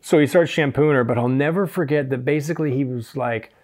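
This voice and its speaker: A man's voice: medium pitch, fairly quick, a little mellow. A young man casually telling a self-deprecating anecdote, acting out the voices of people in it. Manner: chatty, self-deprecating, acts out quoted voices. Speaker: hairstylist podcast host.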